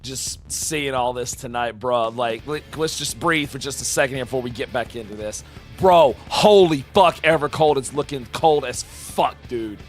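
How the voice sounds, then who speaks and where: A man live-streaming, talking with chat in a loud, profane, hyped-up way and dropping into quieter, heartfelt asides between whoops. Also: medium pitch, moderate pace, soft background music. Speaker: live-streamer reacting to game announcements. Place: home streaming room with shelves of games.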